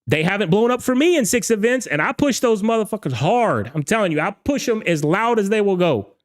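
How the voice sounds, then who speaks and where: Male DJ show host, high-pitched, slightly hoarse, emphatic casual ranter. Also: very animated, a little fast. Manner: emphatic, ranting, repeats "okay?" and "all right?". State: slightly hoarse from talking all night. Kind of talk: casual livestream rant.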